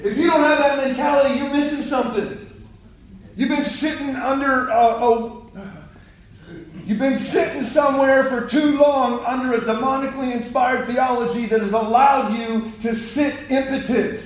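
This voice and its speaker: A man's voice: very high voice, fairly even intonation, normal speed. A man preaching a fiery sermon in a church, exhorting the congregation and calling for their response. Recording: echoey hall, mic from far off.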